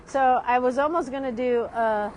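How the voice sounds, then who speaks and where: A woman's voice: on the high side, a little mellow, a little hiss or hum, rough recording. Chatty woman rambling at a street café. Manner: chatty, rambling, often adds "right?", laughs a lot. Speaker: art teacher vlogging. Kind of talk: casual rambling monologue. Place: outdoor street café in a city. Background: street ambience.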